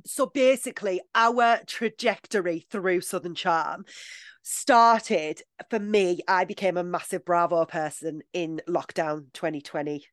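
A woman's voice: on the low side, unhurried, no room sound, studio quality. A British woman co-hosting a podcast, chatting enthusiastically and laughing often. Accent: British English. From Britain. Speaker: podcast co-host. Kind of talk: casual chat.

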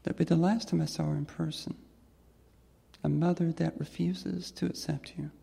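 A trans woman telling a personal story on stage to an audience in a reflective, gentle way. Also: sits low, fairly even intonation, moderate pace, gravelly, slightly rough. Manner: reflective and gentle, with soft laughs. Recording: long hall reverb.

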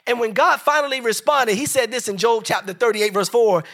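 A man preaching a sermon as pastor, speaking in a colloquial, emphatic way that at times rises to a shout. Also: extremely high pitch, a little fast.

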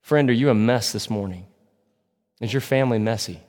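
A man preaching a sermon as a pastor, earnest and slowing down to press key points. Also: medium pitch, darkish tone. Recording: long hall reverb.

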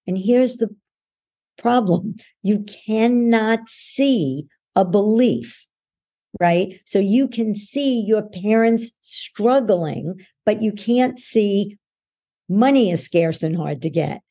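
Woman, podcast guest, coach, gravelly, husky, patient explainer. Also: mid-range voice, slow, dark tone. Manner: patient and instructive, acts out everyday voices to illustrate points. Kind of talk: explanatory interview answer.

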